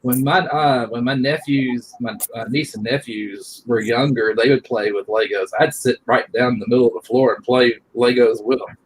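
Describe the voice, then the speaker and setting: Man, middle-aged, rambling casual chat, husky voice, live stream host. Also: medium pitch, fairly even intonation, normal speed, hardly any pauses, poor audio. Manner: rambling and chatty, with fillers. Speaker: coin channel host.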